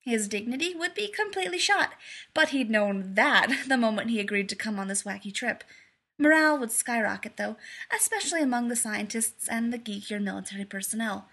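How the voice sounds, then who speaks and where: A woman narrating a fan fiction story aloud in a lively, amused way. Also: fairly high pitch, fairly quick, breathy edge.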